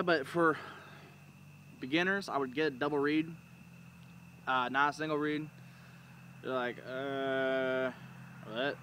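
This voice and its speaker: A man's voice: mid-range voice, pushed and bright, slight background noise. A man giving a rambling, informal how-to lesson, often breaking into sounds to demonstrate. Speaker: duck calling instructor. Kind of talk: casual how-to video.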